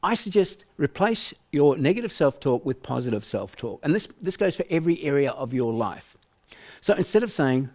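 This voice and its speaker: A man's voice: mid-range voice, very animated, moderate pace, a little mellow. Older Australian man, sales trainer, emphatic delivery, plays out examples. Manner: emphatic, acts out voices to illustrate. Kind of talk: business training presentation.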